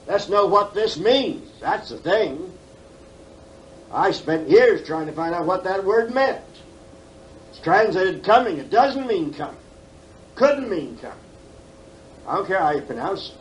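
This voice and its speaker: A man's voice: high-pitched, sing-song, unhurried, long pauses, rough recording. Older male bible teacher, seventies, emphatic rhetorical questions, folksy jokes, faint hiss on old conference tape. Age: 70s. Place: conference hall. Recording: faint background noise, 1979 tape.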